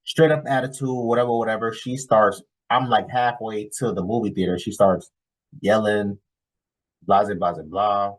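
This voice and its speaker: A man vlogging a casual, animated story, acting out dialogue and tossing in "whatever" often. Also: lowish voice, moderate pace, rough recording. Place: lives in Florida.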